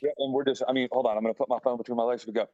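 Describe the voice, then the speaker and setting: A man's voice: mid-range voice, level tone, very fast, mellow, highs cut off, a little hiss or hum. A man, a musician guest, chatting in a loose, jokey way full of restarts and fillers. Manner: rambling, jokey, many restarts and "like"s. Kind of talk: casual interview chat.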